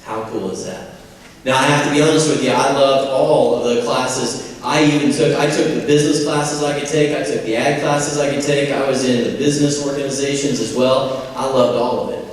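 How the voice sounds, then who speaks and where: A man's voice: medium pitch, a little hiss or hum. A man in his forties from Indiana giving a folksy, humorous motivational speech as a convocation speaker. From Indiana, USA. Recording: echoey hall from far off.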